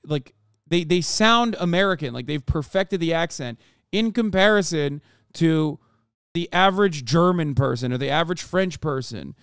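A man's voice: a little high, normal speed, a bit bright, clean tone, no room sound, studio quality. A young man streamer giving a profane, emphatic reaction rant, often repeating himself. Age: young adult. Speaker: streamer and commentator.

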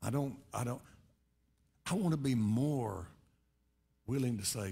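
A man preaching a sermon as pastor, conversational, swinging between quiet reflection and loud emphatic rises. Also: animated, measured pace, creaky, breathy edge. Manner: conversational preaching with sudden rises in pitch and volume.

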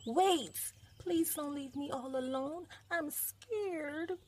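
A woman's voice: high-pitched, lively intonation, slow pace, slight background noise, voice pushed up, full character voice. A woman reading a children's storybook aloud and voicing a small young male bear cub in a childlike, pleading way. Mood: frightened.

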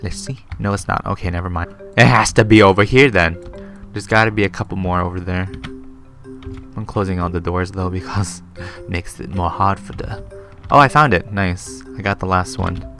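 Young guy yelling and laughing over a game, lowish voice, faint music behind. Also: normal speed. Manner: excitable, jumps to high shrieks and laughter. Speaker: gaming YouTuber. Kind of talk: Let's Play commentary.

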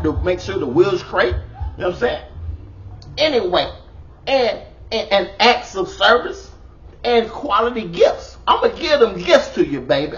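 A man's voice: sits high, fairly bright tone, lo-fi sound. A middle-aged man, doing a comedic monologue of relationship advice, exclaiming and hamming it up in a bold persona.

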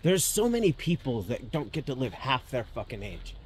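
A man's voice: mid-range voice, sing-song, moderate pace, a little hiss or hum. A man giving a personal monologue, talking bluntly and swearing often, with sudden emphatic swells.

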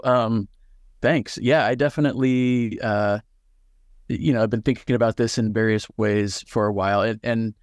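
A man talks through his ideas thoughtfully, with plenty of pauses and restarts. His voice sits on the low side. The sound is dry and close, as if on a video call. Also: dry recording. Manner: thoughtful, many fillers and restarts. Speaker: author and guest. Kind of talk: reflective conversation and reading.

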